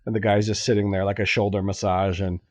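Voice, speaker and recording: A man's voice: on the low side, fast, no room sound. A man co-hosting a podcast, telling a casual story with lots of swearing and acted-out dialogue. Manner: animated, swearing, acts out quoted dialogue. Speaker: podcast co-host.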